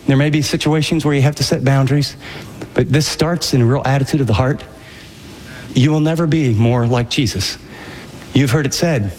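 A male pastor preaching a radio sermon in an animated way, acting out people's inner voices. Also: on the high side, big-room sound, slight background noise.

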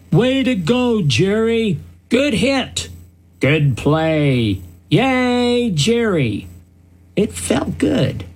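A man's voice: medium pitch, husky. An older man hosting a radio commentary, telling stories in an earnest, folksy way. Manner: slow, earnest, folksy storytelling.

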